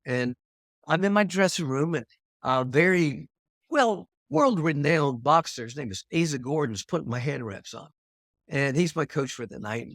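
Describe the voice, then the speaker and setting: An older man, a podcast host, telling a personal fight story in an animated way and acting out the scenes. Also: on the high side, dry recording, studio quality.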